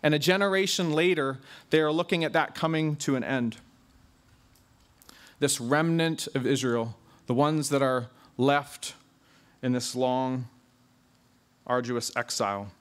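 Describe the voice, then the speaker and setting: A man preaching an expository sermon, stressing key words with slow, drawn-out emphasis. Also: medium pitch.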